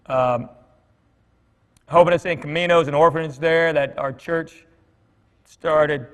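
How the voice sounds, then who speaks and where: A man's voice: on the high side, steady tone, slow. Joking middle-aged man in an echoing church. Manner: conversational and joking, with fillers and asides. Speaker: comedian speaking at church. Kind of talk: storytelling talk to a congregation. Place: church hall with an audience. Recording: long reverb from a large church hall.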